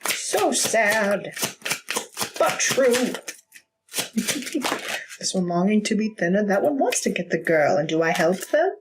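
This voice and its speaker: A woman's voice: mid-range voice, sing-song, slow, long pauses, background noise. A woman doing a gloating sea witch villainess. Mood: mock pity.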